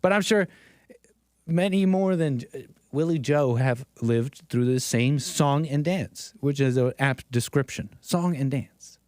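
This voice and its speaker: A man's voice: medium pitch, measured pace, darkish tone, no echo, clean studio sound. A man hosting a political commentary livestream, talking sarcastically to his chat and chuckling often. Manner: talks straight to chat. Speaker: livestream host.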